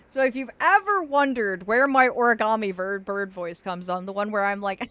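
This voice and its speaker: A woman's voice: medium pitch, a little fast, few pauses, fairly bright tone, no room sound. A woman streaming a game live, chatting playfully and reading game lines aloud as she plays. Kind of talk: live gameplay commentary. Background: game music.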